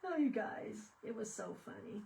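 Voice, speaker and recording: A woman's voice: on the high side, sing-song, moderate pace, creaky, mellow, slight background noise. Chatty woman crafting on camera. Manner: chatty, storytelling, laughing fits. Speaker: craft video host. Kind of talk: casual chat while crafting. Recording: voice a bit far from the mic.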